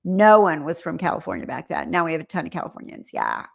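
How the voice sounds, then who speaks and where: A middle-aged woman hosts a livestream, chatting with viewers in a rambling way, often trailing off and starting over. Her voice sits low and sounds gravelly, moving fast with big swings in pitch.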